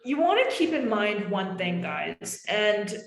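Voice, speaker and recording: A woman's voice: medium pitch, big pitch swings, takes it slowly. A young adult woman presenting a live webinar in a casual, emphatic way, often calling her listeners guys. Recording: roomy echo.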